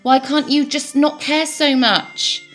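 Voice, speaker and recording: A woman's voice: lowish voice, flat delivery, fairly bright tone, soft background music. A woman voicing her own harsh inner critic, firing off scornful insults and anxious worries. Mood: berating. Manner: berating, rapid-fire insults.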